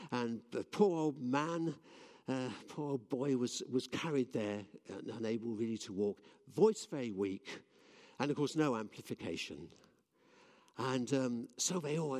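A man's voice: mid-range voice, darkish tone. A man giving a sermon, telling stories earnestly with frequent restarts, in a church. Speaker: preacher. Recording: long reverb of a church hall.

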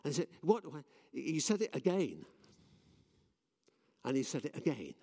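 A male preacher's dark, mid-range voice swings hugely in pitch as he preaches at normal speed. He tells stories earnestly with many restarts, and the church hall gives the recording a long reverb.

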